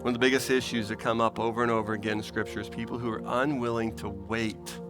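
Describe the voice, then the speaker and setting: With music playing in the background, the male pastor preaches at a quick clip. Earnest and pleading, he repeats himself for emphasis and swings from energetic bursts into low, gentle asides.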